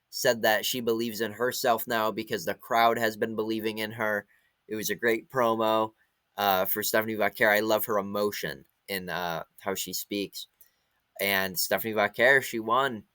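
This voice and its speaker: A young man giving a casual recap of a wrestling event, retelling the action in an excited play-by-play way. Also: on the low side, dry recording.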